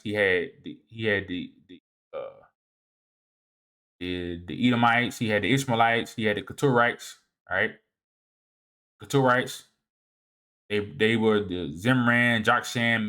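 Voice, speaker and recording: A man presenting a lecture over slides in a casual, halting way. He often repeats and restarts his words, checks in with "all right?", and swings between emphatic rises and low muttered asides. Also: pushed and bright. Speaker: presenter of a video series. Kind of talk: lecture walking through slides.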